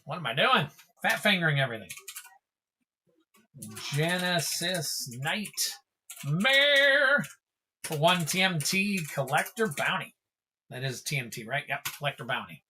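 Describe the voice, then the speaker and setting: A man's voice: fairly high pitch, very animated, unhurried, pauses often, bright, forceful tone, a little hiss or hum. A man hosting a trading card livestream, chatting casually and thanking viewers by name.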